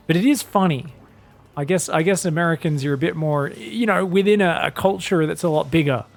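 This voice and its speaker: A man's voice: a little high, fast talker. Chatty British male game caster. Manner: chatty, rambling tangents. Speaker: esports caster. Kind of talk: casual game commentary.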